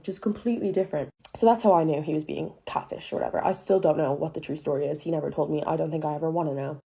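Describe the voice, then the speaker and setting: Young woman, casual storytime, low mellow voice, profane and chatty, dramatic disbelief. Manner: profane, chatty, heavy use of filler "like"; incredulous, dramatic retelling.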